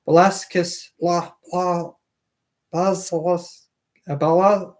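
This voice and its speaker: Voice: mid-range voice, level tone, slow pace, darkish tone. A streamer reading a novel aloud live, tripping over hard words, correcting themselves, and breaking off for chatty asides.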